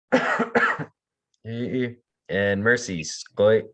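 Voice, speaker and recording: A man's voice: on the low side, drawn-out words, a bit bright. A man teaching an online language class, calling on students by name, repeating words for them and explaining with many fillers and restarts.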